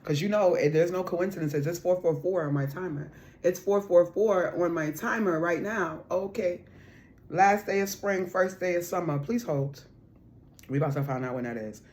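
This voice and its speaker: A woman's voice: fairly low pitch, normal speed. A woman giving a casual spiritual card reading to her viewers, repeating her points with emphasis and calling the listener boo and honey. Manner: bursts into loud laughter and raised voice when excited.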